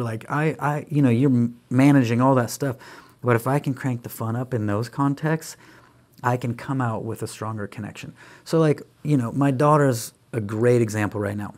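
A man of medium pitch speaking at normal speed appears as a guest on an interview podcast; he is a speaker and author. Energetic and emphatic, he tells stories about his kids, acting out dialogue in different voices and frequently restarting.

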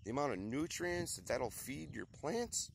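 A man's voice: medium pitch, sing-song, normal speed. A man talking casually in an outdoor vlog, out of breath after hard work, chatty and emphatic, checking in often with "okay?". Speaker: lawn care and garden business owner. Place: open field outdoors. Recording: outdoor recording with clear background noise.

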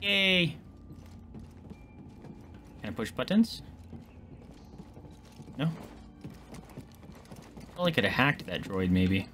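Excitable swearing male game streamer. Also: mid-range voice, slow, long pauses, a little hiss or hum. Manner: excitable, swears a lot, jokes at the screen. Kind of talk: casual gameplay commentary.

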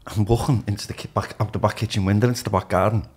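A man with a Liverpool accent, guesting on a podcast as a DJ and telling blunt stories from his own life. His voice sits a touch low and comes out husky. He swears freely and trips into quick restarts. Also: steady tone, darkish tone. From Liverpool, England. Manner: frank, heavy swearing, rapid restarts. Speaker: DJ and radio presenter, podcast guest. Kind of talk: candid storytelling in conversation.

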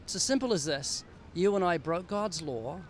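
A man's voice: high-pitched, lively intonation, moderate pace, slight background noise. Earnest older man preaching on a street. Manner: earnest, pleading. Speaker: street evangelist. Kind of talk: street evangelism conversation.

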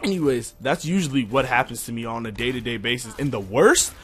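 A young man venting to his viewers in a profane, exasperated rant, going quiet when he calms down. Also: brisk. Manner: profane, exasperated, jumping pitch when heated. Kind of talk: casual rant to camera.

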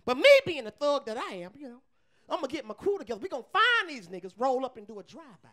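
A man from with an unusually high, soft voice, performing a brash, profane stand-up comedy set on a club stage. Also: fast. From Tuscaloosa, Alabama. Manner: brash, profane, animated storytelling.

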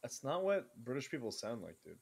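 A man in the middle of his range hosts a relaxed gaming livestream. He chats loosely, laughs often and drops casual swears between remarks. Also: medium pitch, brisk, vocal fry, a crowd in the background. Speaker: streamer host. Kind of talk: casual gaming stream chat.

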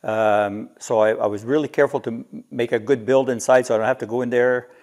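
A man's voice: medium pitch, steady tone, fairly quick, darkish tone. Male DIY maker, mid-range voice, casual show-and-tell, methodical technical explainer.

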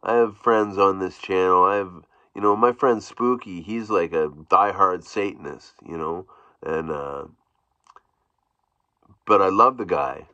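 A man with a very low voice talks through a casual vlog, wandering from thought to thought with restarts and little chuckles. His tone is bright and pushed forward. The recording is dry and somewhat muffled. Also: no room sound. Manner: rambling, halting, with frequent restarts and chuckles. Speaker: YouTube vlogger. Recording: dull, dry, lo-fi sound.

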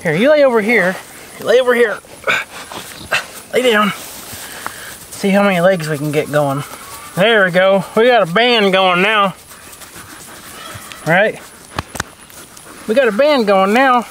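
High-voiced farmer outdoors. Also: male voice, measured pace, pauses often, a bit bright, slight background noise, rough recording. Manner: easygoing, chats with his dogs. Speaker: farmer and vlogger. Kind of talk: casual vlog narration. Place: outdoors on a farm.

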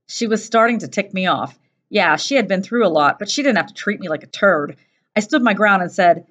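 A woman teacher reading a first-person novel aloud in a steady, plain storytelling voice. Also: mid-range voice, a little fast. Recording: dull lo-fi recording.

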